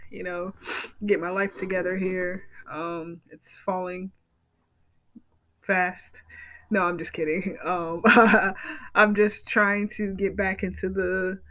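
Podcast host, male, high-pitched, excitable, gushy, repetitive, swears casually. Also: slow pace, poor audio. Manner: excitable, gushing, repeats himself, swears. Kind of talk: casual solo podcast chat.

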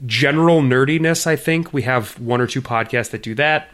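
A man's voice: mid-range voice, normal speed, a bit bright. A man co-hosting a casual podcast, teasing his partner with dry humor. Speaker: podcast co-host.

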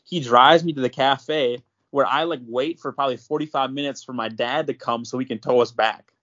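A man's voice: medium pitch, steady tone, normal speed, fairly bright tone, muffled recording. A man hosting a podcast, telling a long story in casual chat, packed with "like" and restarts. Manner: rambling, filler-heavy, lots of "like". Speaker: podcast host.

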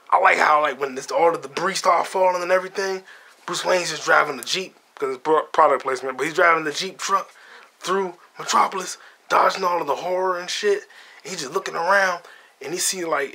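Retelling a movie on his podcast, this man rambles casually, swearing often and leaning on slang. His voice sits a little high, sounding bright and forceful.

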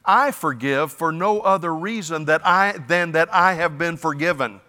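A man's voice: on the high side, normal speed, pushed and bright, big-room sound. A man preaching a sermon as pastor, earnest and conversational.

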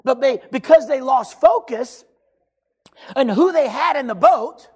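A preacher with a husky, breathy tone delivers a sermon. The delivery is emphatic, rising to loud exhortation and dropping to hushed passages. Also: high voice, expressive, measured pace.

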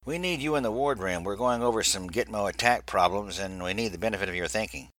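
A man voicing a brisk, businesslike female naval officer. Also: fairly low pitch, fairly bright tone, close to an everyday voice.

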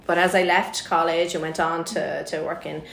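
A woman with an Irish accent, a printmaker and tutor chatting casually as a podcast guest, animated and jumping into higher voices for quotes. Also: moderate pace, gravelly, slight background noise. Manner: animated storyteller, jumps to high voices for quotes. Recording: echoey room.

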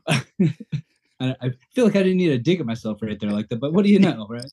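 Mellow-voiced laughing podcast host. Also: male voice, mid-range voice, sing-song, fast, breathy edge. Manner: laughing, self-deprecating, rambling with fillers. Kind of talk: casual chat.

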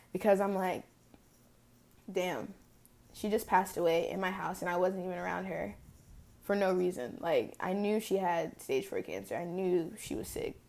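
A woman's voice: on the low side, darkish tone. A woman in her early twenties hosting a podcast, telling a personal story about loss in a casual, reflective way with many fillers. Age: early 20s. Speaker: podcast host.

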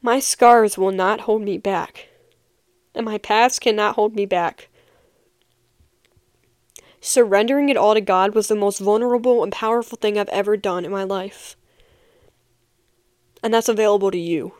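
A woman's voice: mid-range voice, moderate pace, long pauses, a little mellow, no echo, clean studio sound. A young woman and podcast host giving a heartfelt personal faith testimony, speaking earnestly and repeating key phrases for emphasis.

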